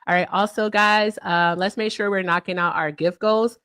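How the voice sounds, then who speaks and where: A woman's voice: mid-range voice, fairly even intonation, moderate pace, fairly bright tone, clear, resonant tone. A woman hosting a casual livestream, chatty and upbeat, who keeps repeating stock phrases and laughs often. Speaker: livestream host.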